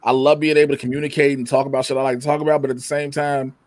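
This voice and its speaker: A man chatting casually from his home setup, telling animated stories, loudly acting out quotes and swearing freely. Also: mid-range voice, racing, no echo. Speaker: guest. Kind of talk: casual chat. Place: home room with a computer setup. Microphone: computer mic or camera.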